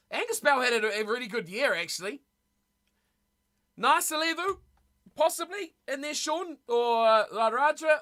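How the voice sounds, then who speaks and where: A woman's voice: on the high side, a bit bright. A woman streamer chatting casually with her live chat, blunt and opinionated, often losing her train of thought.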